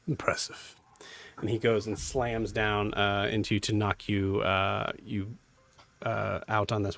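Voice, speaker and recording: Low-voiced male game master, halting. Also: fairly bright tone. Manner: halting, with many fillers. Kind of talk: narrating a tabletop game.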